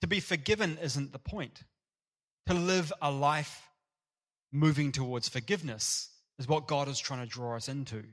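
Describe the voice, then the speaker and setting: A man preaching an earnest, animated sermon in a church. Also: fairly high pitch, moderate pace. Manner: earnest, animated, acts out parable voices.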